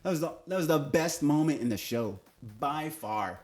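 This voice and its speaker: A man's voice: a little high, animated, normal speed, darkish tone. A man giving a casual, opinionated TV review, speaking bluntly and swearing freely. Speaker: TV show reviewer.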